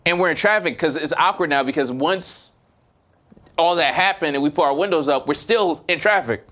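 A man's voice: fairly high pitch, moderate pace, a bit bright. A man co-hosting a podcast, telling stories in a casual, reflective way with lots of fillers and restarts. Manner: reflective, hesitant storytelling with many fillers. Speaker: podcast co-host. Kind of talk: casual chat.

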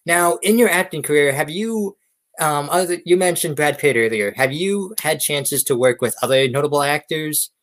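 A man's voice: fairly high pitch, normal speed, a bit bright. A man interviewing a guest, asking questions and encouraging him with short murmurs of agreement. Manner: encouraging, lots of backchannel. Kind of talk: casual interview.

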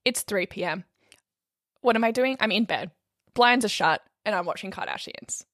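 A young woman, co-hosting a podcast and telling a story in a casual, animated way, swearing freely and saying "like" a lot. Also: mid-range voice, moderate pace, no room sound, clean studio sound. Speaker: podcast co-host.

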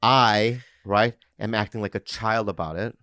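Animated man defending himself on a podcast. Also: fairly low pitch, a little slow, dry recording, clean studio sound. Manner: animated, defensive, restarts a lot, swears. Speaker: podcast co-host. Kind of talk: casual comedy podcast banter. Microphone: studio mic.

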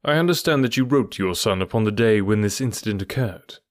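A man as Sherlock Holmes, bland and measured. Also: fairly low pitch, expressive, dry recording, clean studio sound, close to an everyday voice. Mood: blandly probing. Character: cool, shrewd male detective, middle-aged.

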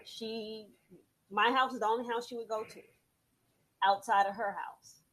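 A middle-aged woman in a casual discussion, telling a story in a measured, earnest way and often saying "you know". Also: mid-range voice, fairly bright tone, rough recording. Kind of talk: casual chat.

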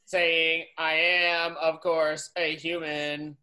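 A man playing a sidekick in a silly British sitcom during an improv sketch, with drawn-out put-on accents. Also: very high-pitched, pushed and bright.

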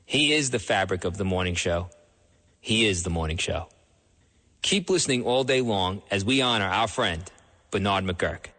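A man reading a scripted station tribute in a measured, solemn way. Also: low voice, animated, sharp tone, long reverb tail. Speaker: station announcer.

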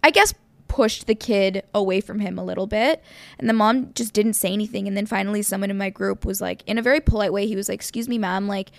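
Animated young woman telling stories. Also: medium pitch, fast talker, gravelly, no room sound. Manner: animated storyteller, frequent "like". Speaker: podcast co-host. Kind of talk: casual chat.

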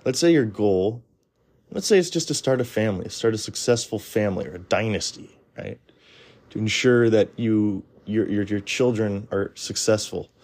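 Dude ranting casually, lowish voice, mellow, lots of you know and restarts. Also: male voice, normal speed. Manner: blunt, rambling, frequent restarts and "you know" fillers. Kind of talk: casual opinionated monologue.

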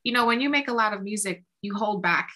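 A woman with a bright, forceful voice tells her story in a relaxed interview. She talks casually and animatedly, slipping into quoted exchanges with lots of "like" along the way. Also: mid-range voice, fast. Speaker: songwriter and producer guest.

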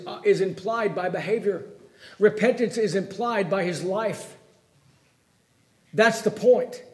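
A man preaching a sermon in a high voice, pressing his points with questions put straight to the listeners. He swings from loud, emphatic lines down to hushed pleading. The sound is echoey, as in a church room. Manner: asks the listeners direct questions.

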